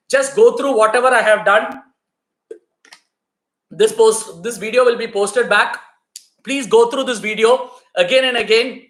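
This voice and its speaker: A man's voice: extremely high pitch, a bit bright, echoey room. A man giving a live online talk as a parenting coach, emphatic and repeating his key points to the audience. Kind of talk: live online talk answering viewer questions.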